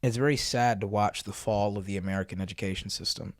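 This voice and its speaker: A man's voice: on the low side, fairly even intonation, fast, no room sound, studio quality. A man hosting a commentary video, reacting to a clip in a blunt, profane, sarcastic way. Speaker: host.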